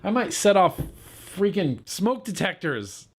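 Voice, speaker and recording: A man's voice: sits high, sing-song, a little slow, loud music behind the voice. A young man hosting his own vlog in a casual, laid-back way, swearing offhandedly and laughing at viewer comments. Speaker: vlog host.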